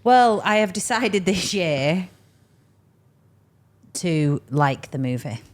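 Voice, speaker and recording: A young woman with an English accent chats and teases on a podcast. Her voice sits unusually low for a woman, and she laughs easily between lines. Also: animated, slow. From England. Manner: teasing, laughs often. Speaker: podcast co-host. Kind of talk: casual chat.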